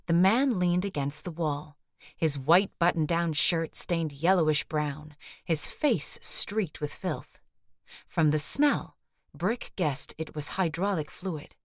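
A woman narrating an audiobook in measured, even storytelling. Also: fairly low pitch, dry recording, studio quality. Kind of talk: scripted narration.

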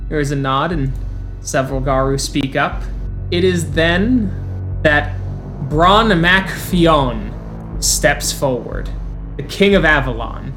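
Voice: medium pitch, music in the background. Casual roleplayer narrating a scene. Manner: casual, halting, frequent trailing off. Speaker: tabletop roleplayer.

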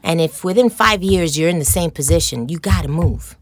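A woman salon owner giving lively, direct interview answers and telling her story with energy. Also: fairly low pitch, a little fast.

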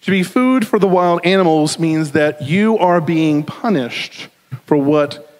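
Southern pastor preaching in a reverberant hall. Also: male voice, fairly high pitch, animated, darkish tone. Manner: conversational, jokey asides, slows for emphasis. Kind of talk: sermon.

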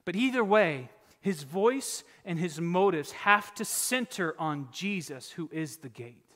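A male pastor delivers a sermon in a high, bright, ringing voice. He is emphatic, rising to loud exhortation and dropping to near-whispers. The sound carries the long reverb of a church hall. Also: lively intonation, a little slow.

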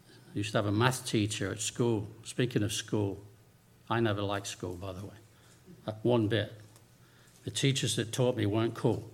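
A man preaching a sermon in a lively, conversational way, with humorous asides to his congregation. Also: mid-range voice.

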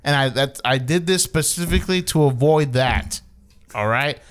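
A young man in casual chat tells a story with heavy swearing and acted-out quotes. His voice is smooth and clear, with an ordinary middle pitch. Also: normal speed. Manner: animated, swears a lot, acts out quotes.

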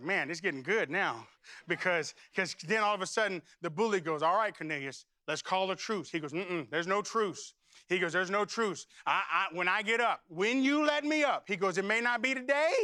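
A middle-aged preacher man with a high, bright voice. He tells stories and then builds to loud, declaring calls. His voice sounds close and dry. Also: dry recording. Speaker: pastor. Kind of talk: sermon with storytelling.

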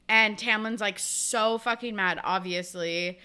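A woman's voice: mid-range voice, a little slow, hardly any pauses, bright, forceful tone, clean tone. A young woman co-hosting a podcast, chatting casually through a book recap and acting out characters' lines with lots of "like". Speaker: podcast co-host.

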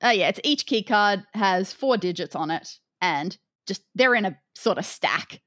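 A woman's voice: medium pitch, animated, unhurried, fairly bright tone, no room sound, studio quality. A woman hosting a podcast as game master, playfully narrating the objects in an escape room puzzle.

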